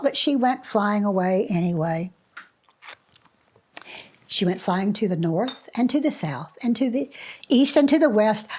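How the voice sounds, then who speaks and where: A woman storyteller telling a fairy tale to children in an animated, expressive way with dramatic pauses. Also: on the high side.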